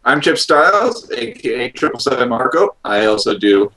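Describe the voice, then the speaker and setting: A man's voice: medium pitch, sing-song, moderate pace, hardly any pauses, sharp tone, low-quality recording. A man from Canada, a voice actor, chatting in a laid-back, teasing way on a group video call.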